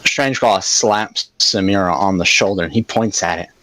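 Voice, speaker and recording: A man's voice: low voice, moderate pace, sharp tone, a little hiss or hum. A man playing in a tabletop game, playfully narrating what his character does. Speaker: player.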